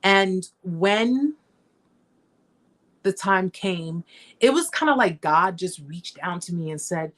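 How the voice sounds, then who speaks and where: On an emotional livestream, a middle-aged woman who hosts a survivor support live chat recounts her own story, emphatic and repetitive, often turning to address her viewers. She speaks with a fairly low, animated voice at a slow pace, leaving long pauses.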